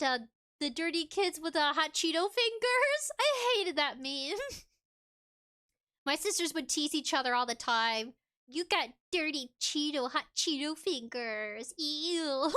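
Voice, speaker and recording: A woman streamer chatting casually on a livestream while reacting to a video. Her voice is high-pitched and bright, and she is giggly and animated, laughing often. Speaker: VTuber streamer.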